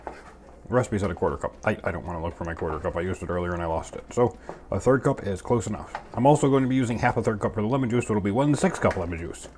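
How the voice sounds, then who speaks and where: A man's voice: fairly low pitch, expressive, quick pace, darkish tone, a little hiss or hum. A man hosting a casual cooking video, chatting in a goofy, self-mocking way as he makes a sauce in his home kitchen. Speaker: cooking channel host.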